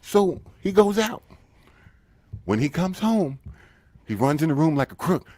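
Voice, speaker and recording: Male podcast co-host, average pitch, very expressive intonation, swears while storytelling. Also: moderate pace, pauses often, no echo. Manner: animated, profane storyteller. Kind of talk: casual podcast chat.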